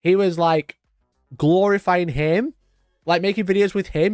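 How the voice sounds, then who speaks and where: A man's voice: sits high, unhurried, a little mellow, dry recording, studio quality, faint music behind. A man in his twenties hosting a live stream, chatting in a rambling, sweary way and laughing often. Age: 20s. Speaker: livestream host. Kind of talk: casual live-stream chat.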